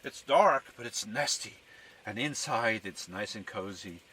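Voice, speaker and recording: A man's voice: on the low side, expressive, measured pace, sharp tone, distant mic, a little hiss or hum. A man chatting casually to his viewers as folks while cooking inside his camper van, often restarting and correcting himself. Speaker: van life vlogger. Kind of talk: casual cooking vlog talk.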